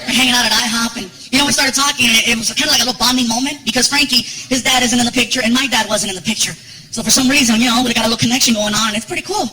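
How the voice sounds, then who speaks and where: A man doing stand-up comedy, telling animated jokey stories and acting out voices on a live stage. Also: very high-pitched, rapid-fire. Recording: echoey live venue.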